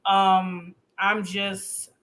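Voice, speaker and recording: A woman on a live review panel, talking in an animated, sassy way and laughing often as she recaps a reality episode. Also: mid-range voice, very slow. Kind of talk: casual show recap chat.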